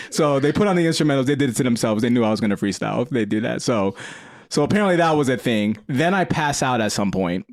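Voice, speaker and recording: A man's voice: on the high side, fast, no room sound, studio quality. Laughing man telling a wild story. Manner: animated, laughs often while telling a story. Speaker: podcast guest. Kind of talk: casual storytelling chat.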